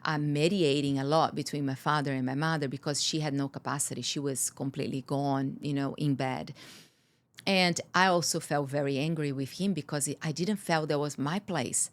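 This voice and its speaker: A woman's voice: low-pitched, fairly even intonation, fast. A woman from Brazil, a guest telling a personal story in an interview, candid and earnest, her words tumbling out with many restarts.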